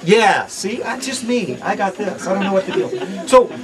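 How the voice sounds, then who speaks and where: Playful middle-aged ranger, fairly high voice. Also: male voice, animated, normal speed. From Hawaii. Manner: playful, quizzes the crowd and jokes. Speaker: park ranger. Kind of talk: outdoor ranger talk to visitors. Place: outdoors at a volcano viewpoint. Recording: outdoor recording with audible crowd.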